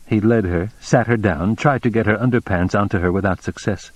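A man narrating an audiobook in a measured, deliberate reading style. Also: lowish voice, darkish tone, dry recording. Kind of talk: scripted narration.

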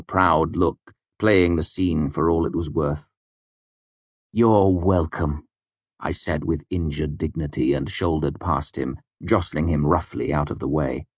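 A man with a very low, deep voice reads an audiobook in a steady, measured way. The recording is dry and close, with no room sound. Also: no room sound. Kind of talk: scripted audiobook narration.

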